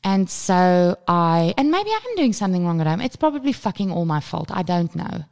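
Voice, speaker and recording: A woman in her thirties co-hosting a casual parenting podcast, telling a story with lively acted-out moments and plenty of swearing. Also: on the low side, normal speed, creaky. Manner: animated storytelling, acts out screaming child, swears freely. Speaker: podcast co-host. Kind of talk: casual chat.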